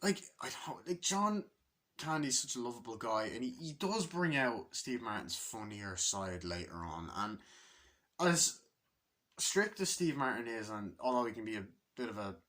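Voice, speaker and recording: Casting note: bright, ringing male voice for a casual and profane movie-review vlog. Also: mid-range voice, animated, normal speed. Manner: rambling, enthusiastic, frequent swearing and restarts. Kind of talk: casual rambling film review.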